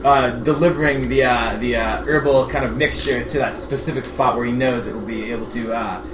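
A man playing a tabletop game, describing his character's actions hesitantly, with many pauses. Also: medium pitch, steady tone. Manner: hesitant, full of fillers. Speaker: player. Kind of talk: casual tabletop play. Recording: echoey room with background noise.

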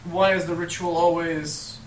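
Man player, slightly high voice, off-mic, echoey, music behind. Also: little pitch movement, unhurried, recorded from a distance, slight background noise. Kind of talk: tabletop role-play.

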